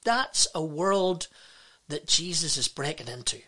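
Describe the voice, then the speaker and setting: A woman's voice: low voice, expressive, measured pace, bright, forceful tone. A woman pastor preaching a sermon, emphatic and exclamatory, with many rhetorical questions.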